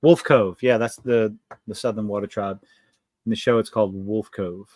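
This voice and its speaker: A man's voice: on the low side, little pitch movement, normal speed, a little mellow, dry recording, studio quality. A man from Louisiana hosting a casual livestream chat, cursing and mocking himself as he banters. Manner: profane, self-mocking banter. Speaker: podcast host.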